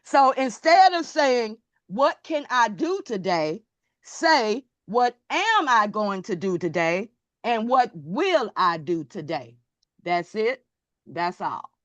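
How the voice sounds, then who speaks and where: Lively woman giving a pep talk. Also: fairly high pitch, takes it slowly, dry recording, muffled recording. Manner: emphatic, coaching. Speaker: motivational speaker on a sales call.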